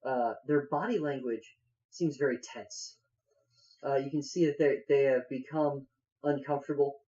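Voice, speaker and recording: A man narrating as game master, halting and full of fillers. His voice is mellow and warm, recorded on slightly dull podcast audio. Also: medium pitch.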